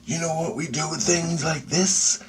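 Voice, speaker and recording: A man's voice: on the low side, expressive, moderate pace, vocal fry, breathy edge, exaggerated voice. A man voicing a faceless glowing female spirit who speaks firmly, bluntly and profanely. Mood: commanding.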